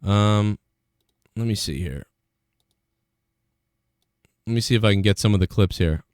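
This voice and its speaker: A man's voice: lowish voice, a little slow, dry recording, clean studio sound. A man hosting a livestream, ranting in an aggrieved tone and reading out chat comments. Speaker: livestream host.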